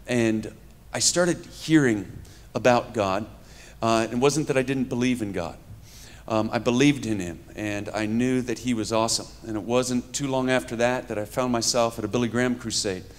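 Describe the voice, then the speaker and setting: Preaching in a church hall to a live audience, a New York man in his fifties speaks at normal speed in a mid-range voice. He keeps the sermon conversational, mixing in humor and stories as he addresses the audience.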